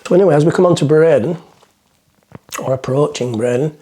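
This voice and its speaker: Talking to his camera from a boat's bow, a middle-aged man tells a rambling joke in a chatty, self-deprecating way. His voice is on the high side, brisk and mellow.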